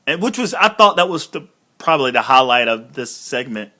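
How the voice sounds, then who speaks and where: A man's voice: mid-range voice, very animated, fairly quick, bright, forceful tone. A man hosting a casual review podcast, rambling with fillers and swearing. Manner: rambling, profane, many fillers. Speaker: podcast host. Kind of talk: casual wrestling review chat.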